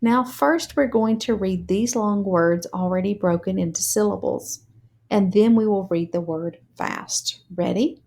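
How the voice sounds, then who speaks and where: A woman's voice: mid-range voice, a little slow, a little mellow. A woman teaching a reading lesson, spelling words letter by letter and sounding out syllables. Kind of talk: slow, deliberate reading lesson.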